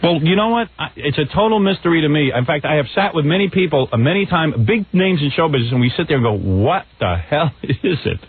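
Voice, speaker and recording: A man's voice: on the high side, expressive, fast talker, few pauses, slightly rough, faint music behind. A man in his forties hosting a radio talk show, blunt and mocking, stammering through restarts. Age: 40s. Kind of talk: casual radio chat. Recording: tinny narrow radio broadcast.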